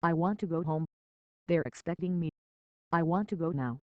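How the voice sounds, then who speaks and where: A frightened young village boy, voiced by the storybook reader pleads to go home. The voice sits at an ordinary middle pitch, and the lo-fi recording sounds dull and dry. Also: moderate pace, no room sound, lightly acted. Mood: pleading.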